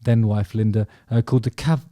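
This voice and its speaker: A man's voice: lowish voice, steady tone, brisk. A man chatting casually about favourite songs, rambling and enthusiastic, with many ums and restarts. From England. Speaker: vlog host talking about music.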